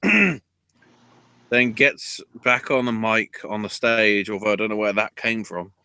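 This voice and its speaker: A man hosting a podcast, recapping wrestling shows in casual chat, cursing freely and flaring up into loud outrage. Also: on the low side, unhurried, smooth. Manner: profane, excitable, bursts into loud outrage. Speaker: podcast host.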